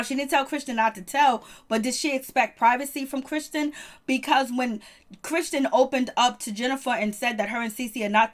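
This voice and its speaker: A woman giving a casual, animated recap of a reality TV episode, slangy and quick to laugh. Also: fairly high pitch. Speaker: reality TV reviewer.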